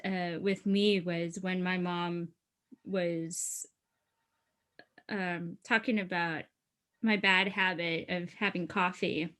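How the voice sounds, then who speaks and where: A woman's voice: on the low side, steady tone, fairly bright tone. A young woman in casual conversation, speaking with lots of hesitation and filler words. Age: young adult. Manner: slow, hesitant, many fillers. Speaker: co-host. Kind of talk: casual chat.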